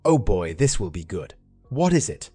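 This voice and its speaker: A man reading the lines of a sharp, questioning wife in her forties in a dry, plain voice. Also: lowish voice, very animated, moderate pace, breathy edge, no room sound, soft background music. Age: 40s. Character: upset middle-aged wife, woman.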